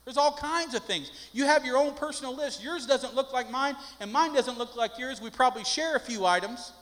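A man's voice: very high-pitched, a little fast, fairly bright tone. An older man, a pastor, preaching a sermon with folksy stories that build into emphatic preaching. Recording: long hall reverb.

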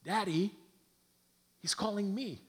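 A man's voice: high-pitched, slow, pitched above the performer's own voice. A man voicing a frightened little boy calling for his father during a sermon. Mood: plaintive.

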